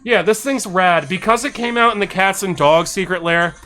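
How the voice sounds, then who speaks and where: A man's voice: high voice, bright, forceful tone. A man streaming live, cheerfully reading out and chatting about viewer suggestions and thanking followers, talking into a desk microphone. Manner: enthusiastic, thanks followers, reads card text quickly. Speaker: streamer reviewing card suggestions. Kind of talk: casual live-stream chat.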